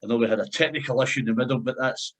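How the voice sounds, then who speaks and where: A man's voice: medium pitch, very fast, poor audio. A man hosting a casual interview over a video call, chatty and laughing often. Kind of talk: casual chat.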